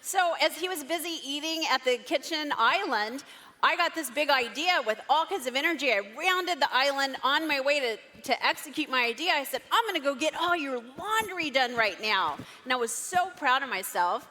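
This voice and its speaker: A woman telling a personal story to a live audience at a marriage seminar, in an animated, expressive way. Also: high voice, normal speed. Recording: long hall reverb.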